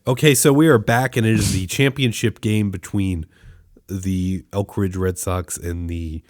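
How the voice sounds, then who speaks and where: A man co-hosting a podcast, recapping a film plot in a laid-back way, with frequent pauses. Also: deep voice, fairly even intonation, a little mellow, no room sound, clean studio sound. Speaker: podcast co-host. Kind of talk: casual movie-recap chat.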